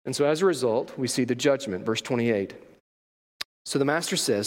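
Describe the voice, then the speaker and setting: A man's voice: medium pitch, animated, moderate pace, in a large hall, slight background noise. A man delivering a sermon as a pastor, emphatic and full of rhetorical questions.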